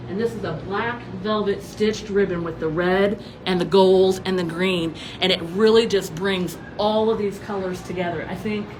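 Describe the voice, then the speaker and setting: A chatty, gushing woman with a mid-range voice walks through a showroom. She sounds a little away from the mic, in a roomy, echoey space with steady background noise. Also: medium pitch, moderate pace, hardly any pauses, far from the mic. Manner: enthusiastic, chatty, gushing over details. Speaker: showroom presenter. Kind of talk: casual product walkthrough. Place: large indoor showroom with customers.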